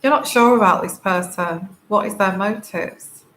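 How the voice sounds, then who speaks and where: A woman giving a tarot reading to camera, tearful and crying, talking haltingly with many fillers and restarts. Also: mid-range voice, fairly bright tone. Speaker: tarot reader. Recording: echoey room, faint background noise.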